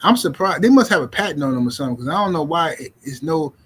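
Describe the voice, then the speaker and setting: A middle-aged man hosting a livestream, talking casually in animated, slangy speech and repeating himself. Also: on the high side, fast talker, a little hiss or hum. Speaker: livestream host. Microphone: streaming mic.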